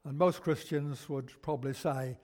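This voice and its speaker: A man preaching a sermon, slow and emphatic, repeating key words for weight. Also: mid-range voice, fairly even intonation, a little mellow. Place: church. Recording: long church reverb.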